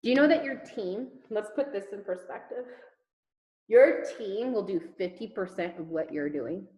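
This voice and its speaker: A woman's voice: medium pitch, normal speed, mellow, roomy sound, poor audio. A woman leading a network marketing team, giving an emphatic motivational talk over a video call, firing rhetorical questions and repeating words for effect. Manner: emphatic, rhetorical questions, repetition, casual swearing.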